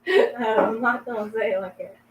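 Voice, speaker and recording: A high-voiced woman chats on a casual cooking livestream, shy and giggly and reluctant to perform. She sits distant from the mic in an echoey room. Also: steady tone, moderate pace, heavy background noise.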